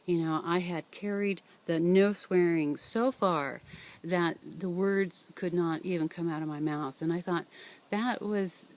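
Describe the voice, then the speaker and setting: A woman's voice: on the low side, a little slow, darkish tone. An older woman running a cat rescue, telling a personal story in a reflective, hesitant way with many fillers and restarts.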